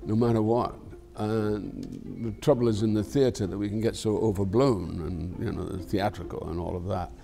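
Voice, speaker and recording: An older man with a Scottish accent, speaking in a low, gravelly voice. His tone is mellow and dark, and he rambles reflectively. He swears freely and without any fuss in a candid interview. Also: fairly even intonation, normal speed, few pauses. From Scotland. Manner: frank and profane, swears freely. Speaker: actor being interviewed.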